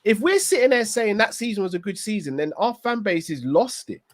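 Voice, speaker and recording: A man's voice: high voice, lively intonation, fairly quick. A man arguing bluntly and insistently in a casual fan call-in debate. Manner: blunt, insistent, repeats "bruv". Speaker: pundit in a fan call-in show.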